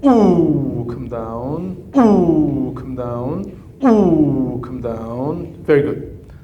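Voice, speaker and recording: Slow mellow guy coaching golf swings, calm repeated cues, echoey room, faint hum behind. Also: mid-range voice, highs cut off. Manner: calm, repetitive cueing with humming counts. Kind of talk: live coaching session.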